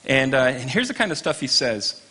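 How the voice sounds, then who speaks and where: A man's voice: medium pitch, very animated, fairly quick, pushed and bright. A man teaching an informal Bible class, chatty and wry, tossing asides to his listeners.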